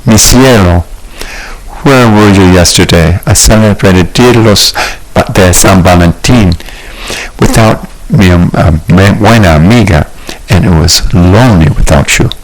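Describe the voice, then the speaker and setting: A man reading an audiobook, voicing a warm, dramatic adult man friend, earnest and theatrical. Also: low-pitched, unhurried, a little hiss or hum, poor audio. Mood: reproachful. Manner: earnest, theatrical, sprinkles Spanish phrases. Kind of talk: audiobook character voice.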